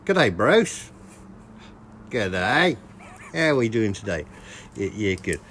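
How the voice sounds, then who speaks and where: A man putting on a brash, crude Australian man with a loud, blustery, swearing manner and an Australian accent. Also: fairly low pitch, sing-song, slow, a little hiss or hum, heavily acted. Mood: boisterous. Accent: Australian, put on.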